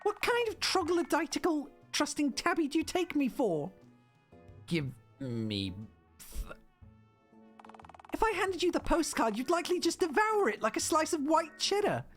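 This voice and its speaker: A grandiose, sneering villainous cat mayor from a game, put on by a woman. The voice is pushed up high and swings widely as she gloats. Faint music plays underneath. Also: huge pitch swings, measured pace, heavily acted. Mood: scornful. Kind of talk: reading a game's dialogue aloud.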